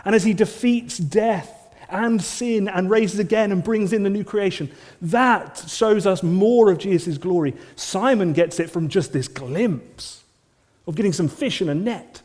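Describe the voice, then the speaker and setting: A man preaching a sermon in an earnest manner, often dropping to soft, intense lines. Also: high-pitched, unhurried, in a large hall.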